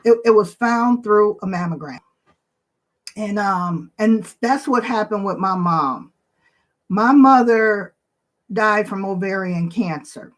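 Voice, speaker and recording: Slow-talking woman in her sixties. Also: mid-range voice. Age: 60s. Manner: slow, emotional, tearful at times, with pauses and fillers. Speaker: channel host. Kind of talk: casual chat to viewers.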